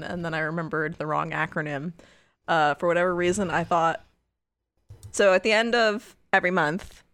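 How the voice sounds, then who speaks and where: Loud, animated woman podcast co-host. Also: fairly low pitch, dry recording. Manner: loud, animated, laughs often. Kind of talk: casual chat.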